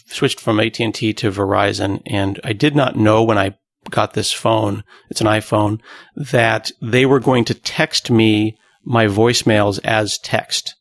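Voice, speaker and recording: A man from the Pacific Northwest hosting a casual tech podcast, talking in an even, newsreader-like way. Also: on the low side, measured pace, no room sound, clean studio sound. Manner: plain newsreader-like delivery. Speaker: podcast host.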